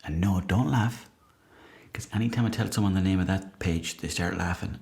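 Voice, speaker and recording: Irish man, low voice, comedy podcast host, deadpan, sweary, mock-indignant. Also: moderate pace, vocal fry. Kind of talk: comic monologue reading listener messages.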